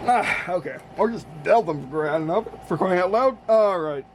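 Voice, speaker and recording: A man's voice: sits high, lively intonation, normal speed. A man casually talking to himself while building with Lego, rambling and correcting himself often. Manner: rambling, self-correcting, talks to himself while sorting pieces. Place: room with an air conditioner running. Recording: noisy room with air conditioner hum.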